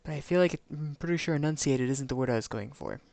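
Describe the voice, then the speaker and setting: A man's voice: a little high, fast, gravelly, a little mellow, no echo. A man streaming a game live, musing to himself in casual commentary and hunting for the right words.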